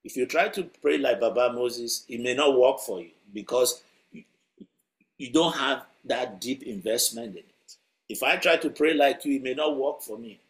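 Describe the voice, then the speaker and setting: A man's voice: medium pitch, a bit bright. Man telling a story in a sermon. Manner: conversational, chuckling as he tells the story.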